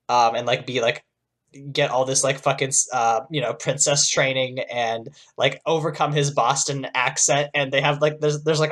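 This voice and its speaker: A man's voice: mid-range voice, a bit bright. Rambling, laughing man podcast co-host. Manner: rambling, lots of fillers, profane, laughs through lines. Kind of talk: casual chat.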